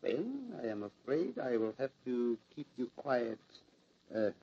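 An actor playing a menacing foreign-accented gambler villain in an old radio drama, smooth and deliberate. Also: male voice, mid-range voice, sing-song, warm tone, heavily acted. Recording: dull lo-fi old radio recording.

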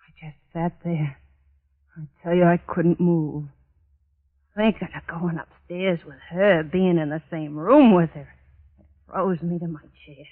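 A woman's voice: lowish voice, fairly even intonation, measured pace. An actress playing a haunted, unhinged woman who confesses a murder, feverish and repeating herself in 1940s radio acting style. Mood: dread. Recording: tinny old radio broadcast.

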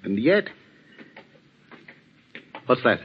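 A man's voice: mid-range voice, very animated, drawn-out words, heavily acted. An actor playing a worried, fatherly older village vicar in a 1940s radio drama. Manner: anxious, earnest, fatherly. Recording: dull old radio recording with faint hiss.

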